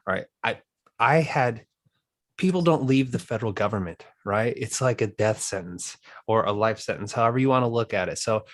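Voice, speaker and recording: A man's voice: lowish voice, animated, normal speed, no room sound, clean studio sound. A man hosting a group video call, talking in an upbeat, rambling way with many fillers. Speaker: host of a group coaching call.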